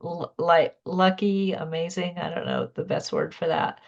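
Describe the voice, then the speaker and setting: Woman, podcast host, casual interview chat, short reactions, slow talker, dull lo-fi sound. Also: lowish voice, wildly swooping pitch, vocal fry. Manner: brief reactions and easy laughs while questioning.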